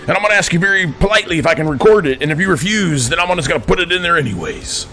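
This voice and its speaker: A man, a veteran, delivering a preachy, indignant monologue to his viewers, calling them friends, swinging between quiet asides and outbursts. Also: on the high side, expressive, very fast, soft background music. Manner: addresses listeners as friends constantly, indignant, swings between soft and shouting. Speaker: veteran vlogger.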